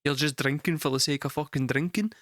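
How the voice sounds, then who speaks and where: A young Scottish man telling a story casually to a live chat, animated and swearing freely, laughing through the punchlines. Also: a little high, fairly quick, no echo, clean studio sound. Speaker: music reaction streamer.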